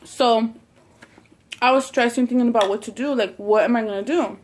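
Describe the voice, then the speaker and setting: A woman's voice: a little high, normal speed, a little hiss or hum. Chatty woman rambling through a story. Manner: rambling, heavy use of "like" and swearing. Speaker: mukbang vlogger. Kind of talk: casual storytelling.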